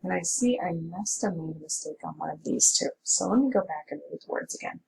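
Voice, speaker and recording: A woman's voice: on the low side, animated, fairly quick, creaky, few pauses, warm tone, slight background noise, poor audio. A woman teacher giving a recorded spelling lesson, patiently sounding out words.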